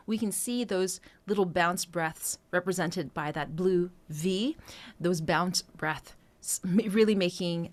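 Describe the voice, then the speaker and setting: A woman vocal coach talking through breath choices in a singing lesson, now and then singing short lines to demonstrate. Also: on the low side. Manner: explanatory, breaks into sung demonstrations, laughs lightly.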